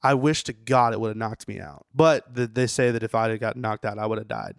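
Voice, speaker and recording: A man's voice: on the low side, sing-song, fairly quick, creaky, no echo. Young guy rambling thru a story, swears a ton, dry close mic. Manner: rambling, profane, lots of "you know". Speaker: tattooer guest. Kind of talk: casual storytelling interview.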